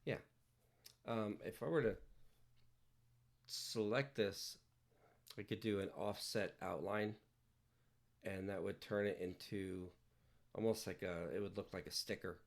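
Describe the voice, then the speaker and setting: Slow, gravelly man chatting playfully. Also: on the low side. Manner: playful, rambling, jokey wordplay. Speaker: digital artist livestreaming. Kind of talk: casual livestream chat while drawing.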